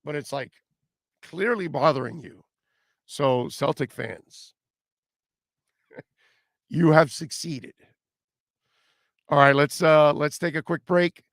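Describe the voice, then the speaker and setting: A man's voice: a little high, slow pace, creaky, pauses often, a bit bright, dry recording, studio quality. A man hosting a sports radio show, talking casually with fillers and repeated words.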